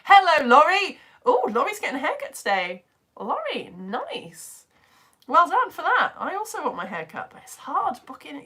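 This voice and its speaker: A British woman, a physics teacher, chatting brightly on a live-stream lesson and hopping between asides. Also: a little high, slightly rough. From United Kingdom. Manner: bubbly, chatty, jumps between topics, quick asides. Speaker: physics teacher and livestream host.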